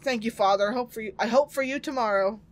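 A woman's voice: a little high, quick pace, natural voice. A woman voicing Stan, an anxious husband who rambles nervously in a video game. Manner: rambling, nervous, sarcastic asides.

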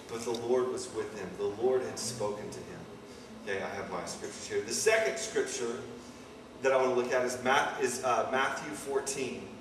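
A man preaching a casual, chatty sermon, full of asides and quick "okay?" checks with his listeners. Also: mid-range voice. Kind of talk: informal sermon. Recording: very echoey, distant mic, faint noise.

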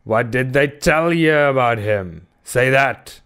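A wild, ragged old sailor prophet, voiced by a male reader in an audiobook. He speaks slowly and with grim insistence, dropping into salty old dialect. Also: medium pitch, a bit bright, clean tone, pitched above the performer's own voice. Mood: ominous. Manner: earnest, darkly insistent, old-salt dialect.

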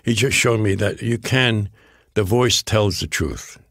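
Deep gravelly older man with a Bronx accent. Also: measured pace, a bit bright, dry recording, studio quality. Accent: New York Bronx. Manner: rambling anecdotes with restarts and acted-out quotes. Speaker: guest actor. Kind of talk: storytelling interview.

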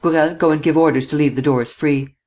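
Grumpy chief detective in an audiobook barking orders, snappy and curt, slightly high voice, man reading. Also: fairly even intonation, a little fast, darkish tone, natural voice. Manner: curt, commanding. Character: curt ill-tempered male chief detective.

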